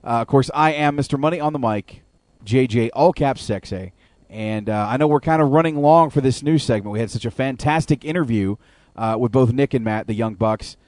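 A man's voice: mid-range voice, brisk, darkish tone, no echo. Upbeat male radio show host. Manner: upbeat, filler-heavy patter. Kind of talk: casual radio hosting.

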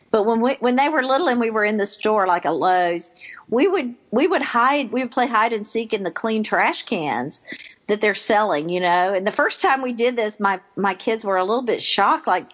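Middle-aged female guest, chatty, lo-fi line. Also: on the high side. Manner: warm, chatty, repeats words as she talks. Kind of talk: casual radio chat.

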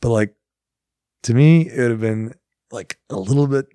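A man's voice: medium pitch, normal speed, warm tone, smooth, no room sound. Laid-back man, dry studio sound. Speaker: podcast co-host. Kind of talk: casual motorcycle chat.

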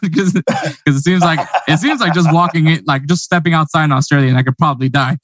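A man's voice: on the high side, quick pace, fairly bright tone, no room sound. American male host, chatty, laughs often, dry close sound. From United States. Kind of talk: casual interview chat.

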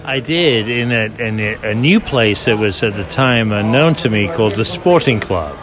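A man's voice: on the low side, lively intonation, normal speed. Laconic American-accented man, noisy bar. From England. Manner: dry, laconic. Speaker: interviewed fan. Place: busy bar. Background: crowd chatter.

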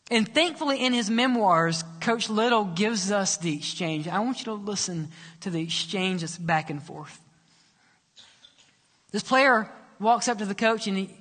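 A male pastor preaching and telling a story, dramatic, dropping soft and low for quoted lines. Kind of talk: sermon storytelling. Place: church sanctuary. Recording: long church reverb.

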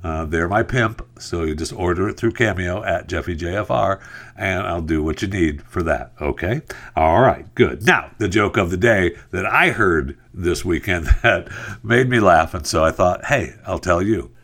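A man's voice: low voice, moderate pace. A man hosting a radio talk show, chatting casually and telling a joke with lots of fillers. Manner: relaxed, rambling, frequent fillers.

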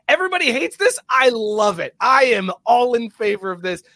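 A man hosting a casual sports podcast, energetic and joking as he leads the talk. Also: fairly high pitch, no echo. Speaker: podcast host.

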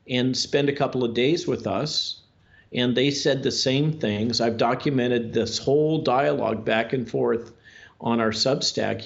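A man as a guest on a talk show, speaking in a measured, drawn-out way with many filler sounds. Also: mid-range voice, gravelly. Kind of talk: conversational interview talk. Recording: dull lo-fi audio.

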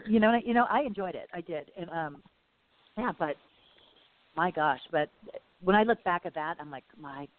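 A woman guest in a casual interview, telling stories in a rambling, animated way. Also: lowish voice, moderate pace, long pauses. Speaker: podcast guest. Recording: phone-like line with faint hiss.

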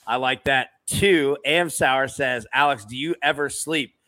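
A man's voice: medium pitch, unhurried, bright, forceful tone. A man hosting a sports betting podcast, talking loosely with lots of fillers and reading viewer comments aloud. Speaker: podcast host. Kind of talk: casual sports betting chat.

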